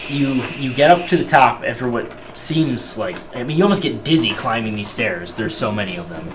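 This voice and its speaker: A man's voice: medium pitch, noisy background. A man running a tabletop game as game master, narrating casually with many fillers.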